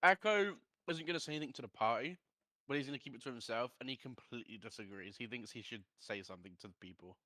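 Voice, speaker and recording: A man playing a tabletop game, describing his character's reaction with halting repeats. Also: medium pitch, bright, forceful tone, dry recording. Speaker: player. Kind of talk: casual game chat.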